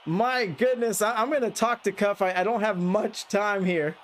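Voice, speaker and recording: A man calling an online esports match play by play, getting excitable and yelling at the big plays. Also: sits high, normal speed, a little hiss or hum. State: out of breath. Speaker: esports caster. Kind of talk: play-by-play commentary.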